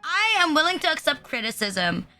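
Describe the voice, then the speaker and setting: A woman's voice: high voice, sing-song, moderate pace, bright, forceful tone. A woman streamer ranting casually to her chat, filling every sentence with "like" and swearing freely. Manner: heavy filler "like", swearing, exasperated ranting. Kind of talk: casual livestream rant. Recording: faint music behind.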